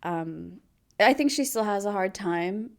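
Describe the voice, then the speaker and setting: A woman's voice: medium pitch, expressive, unhurried. A playful woman around thirty from the United States, a podcast guest chatting casually and laughing often. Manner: playful, laughs often, uses many fillers. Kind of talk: casual interview chat.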